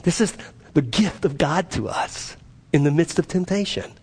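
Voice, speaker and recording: A man preaching with passion, his fairly high voice climbing and then sinking to a near hush. Each phrase rings out with the long reverb of a large hall. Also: expressive, moderate pace, slightly rough. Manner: impassioned preaching, rising loud then dropping low. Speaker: pastor. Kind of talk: sermon.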